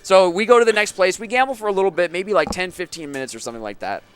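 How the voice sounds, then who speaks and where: A man's voice: sits high, rapid-fire, a little hiss or hum. Young man telling a wild road story. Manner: animated storyteller, shouts and laughs through quotes. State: sick, sounds different. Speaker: show host. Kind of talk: casual storytelling chat.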